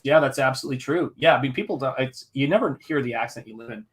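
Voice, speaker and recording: A man's voice: mid-range voice, fast, few pauses, breathy edge. American man chatting as he paints. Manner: rambling, thinking aloud, restarts mid-thought. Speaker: artist live-streaming while painting. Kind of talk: casual chat while working.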